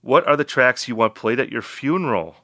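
Bright-voiced man hosting a podcast. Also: medium pitch, lively intonation, fairly quick, no room sound, clean studio sound. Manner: jokey, upbeat, reads listener questions. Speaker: podcast co-host. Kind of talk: casual music podcast chat.

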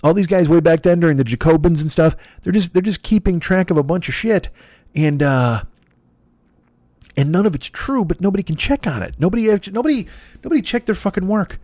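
A man's voice: high voice, lively intonation, brisk, darkish tone, no room sound. A man hosting a comedy podcast, rambling and swearing in a self-deprecating monologue. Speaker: podcast host.

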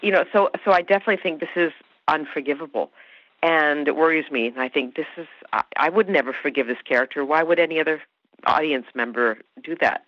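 A woman's voice: sits low, fast talker, dry recording. A woman actress raised in Canada with Hungarian as her first language, chatting effusively in an interview and laughing often. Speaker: actress guest. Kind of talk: casual interview chat. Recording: dry, slightly dull podcast sound.

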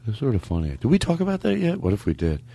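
A man's voice: mid-range voice, wildly swooping pitch, rapid-fire, gravelly, warm tone, slightly rough. A man hosting a comedy podcast, talking in a rambling, playful way with jokey asides. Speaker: podcast host. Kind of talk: casual comedy podcast chat.

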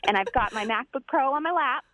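A woman telling a comedic personal story, animated and acting out voices as she goes. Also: high-pitched, brisk, dry recording. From United States. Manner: animated, acts out voices in quotes. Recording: dull, lo-fi dry recording.

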